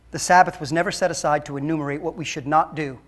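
A man preaching a sermon as a pastor, emphatic and swinging between loud and hushed. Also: on the high side, steady tone, fast.

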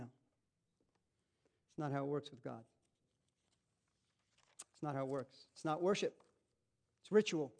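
A middle-aged man with a fairly high voice preaches to his congregation in church. His delivery is animated, and he acts out little everyday scenes in quoted voices to make his point. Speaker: pastor. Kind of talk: sermon.

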